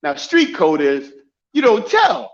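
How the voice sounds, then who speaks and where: Animated man telling stories, lo-fi. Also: extremely high pitch, takes it slowly, creaky. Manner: animated, many repeats and restarts. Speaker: guest. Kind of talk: casual storytelling.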